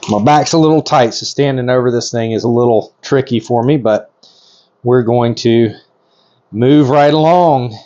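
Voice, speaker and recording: A man with a mid-pitched voice talks through his work in a loose, excitable way, full of ums and restarts. The sound is a little dull and lo-fi, picked up by a camera mic at working distance. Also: moderate pace. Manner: excited, chatty, lots of fillers and restarts. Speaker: reptile breeder. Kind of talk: casual narration while working.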